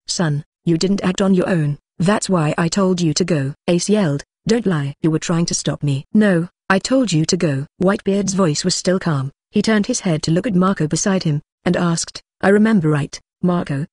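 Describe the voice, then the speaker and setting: A synthetic text-to-speech voice reading a novel aloud as an audiobook narrator, flatly reading out punctuation marks. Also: mid-range voice, no room sound, studio quality.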